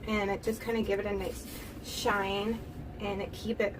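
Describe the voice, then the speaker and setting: A woman's voice: mid-range voice, little pitch movement, unhurried. A woman vlogger giving a casual hair tutorial, chatty and giggly, saying "like" often. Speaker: beauty vlogger. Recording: distant mic with clear background noise.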